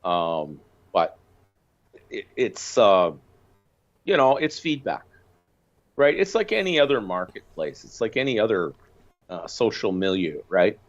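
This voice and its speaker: A man's voice: on the low side, very animated, a little slow, pauses often, dull audio, soft background music. A man calling in to a show, musing in a thoughtful, hesitant way over a choppy line. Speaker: caller. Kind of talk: casual call-in chat.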